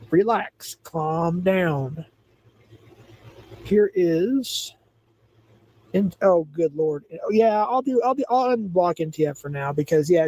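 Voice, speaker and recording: High-voiced blunt man scolding his chat. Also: dry recording, rough recording. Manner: blunt, repetitive, scolding, tells viewers to calm down. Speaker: livestream host. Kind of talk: livestream chat, reacting to viewers.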